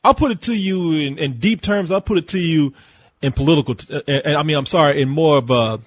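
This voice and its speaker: A man's voice: a little high, a little fast, no room sound. A man co-hosting a movie review podcast, chatting casually with jokes and rambling restarts. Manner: joking, rambling, laughs often. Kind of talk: casual chat.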